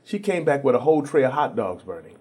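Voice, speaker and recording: A man, a guest on a TV interview show, telling family stories in a relaxed way and acting out the people he quotes, with frequent restarts. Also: mid-range voice, quick pace, husky. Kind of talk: storytelling in a TV interview.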